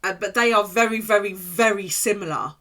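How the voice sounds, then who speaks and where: A woman chats away on a home live stream, rambling and swearing casually. Her voice is bright and forward. She talks loosely, like she's among friends. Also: medium pitch, a little fast.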